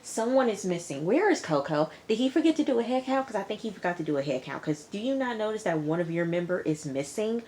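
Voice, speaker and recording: A woman's voice: medium pitch, sing-song, fairly quick, a little mellow. A young woman chatting casually to her viewers about a TV episode, laughing often and talking straight to the audience. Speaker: TV review vlogger. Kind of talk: casual recap chat.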